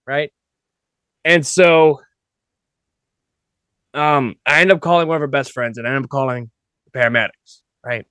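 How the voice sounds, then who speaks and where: A man's voice: mid-range voice, a bit bright, clear, resonant tone, no room sound, clean studio sound. A man hosting a podcast in casual, conversational chat, often checking in with listeners as he talks. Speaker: podcast host.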